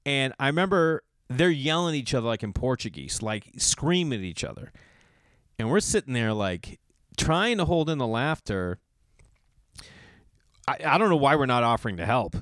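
Smooth-voiced middle-aged man telling rambling stories. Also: medium pitch, no room sound, clean studio sound. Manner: rambling and animated, full of restarts and sudden quoted voices. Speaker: podcast host. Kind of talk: storytelling monologue.

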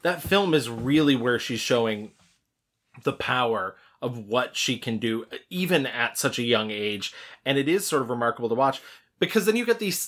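A man co-hosting a podcast, chatting casually about films in a relaxed, agreeable, jokey way. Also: medium pitch. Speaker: podcast co-host. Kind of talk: casual film chat.

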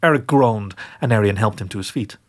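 A man narrating a story aloud in a wry, expressive manner. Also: lowish voice, a little fast. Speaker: audiobook narrator. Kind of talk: scripted narration.

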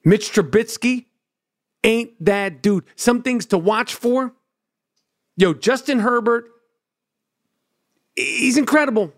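A man giving a brash, profane football opinion rant with swaggering trash talk. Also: extremely high pitch. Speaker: sports commentator.

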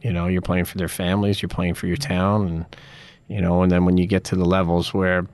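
A man's voice: low voice, monotone, a little mellow, no echo. A middle-aged man, a former college soccer player, talking earnestly in an interview and leaning on "you know" as he reflects. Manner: earnest, drawn-out, filler-heavy with frequent "you know".

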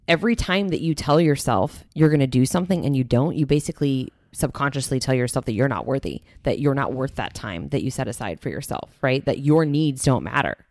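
A woman in her thirties co-hosts a casual podcast, speaking as a fitness coach with a candid, emphatic drive. Her voice sits low, and the sound is dry and close with no room around it. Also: lively intonation, brisk, hardly any pauses, darkish tone, no room sound.

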